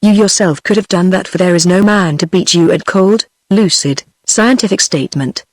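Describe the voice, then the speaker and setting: A text-to-speech woman's voice with a British English accent, reading the lines of a wry, self-satisfied retired male detective in a storybook in an even, synthetic way. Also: fairly low pitch, moderate pace, no echo, close to an everyday voice.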